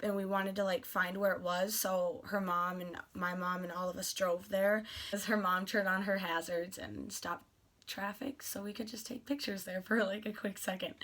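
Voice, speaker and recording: A young woman vlogger telling a story in a casual, gushing way, acting out what she and her friends said. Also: medium pitch. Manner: excited, gushing, acts out quoted dialogue.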